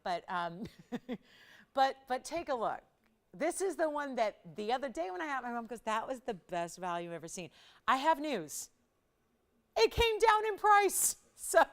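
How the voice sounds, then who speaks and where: A woman hosting a live jewelry shopping show, chatting and telling stories as she pitches a ring, laughing often. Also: fairly bright tone, clear, resonant tone. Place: TV studio.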